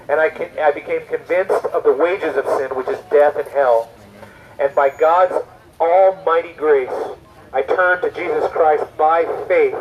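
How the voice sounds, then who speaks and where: High-voiced man preaching emphatically. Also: muffled recording. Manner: emphatic, full of rhetorical questions. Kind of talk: evangelistic preaching.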